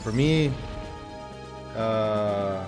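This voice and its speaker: A man's voice: fairly low pitch, drawn-out words, over music. A man from Mexico chatting casually while streaming a game, rambling with many fillers and restarts. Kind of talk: casual chat while gaming.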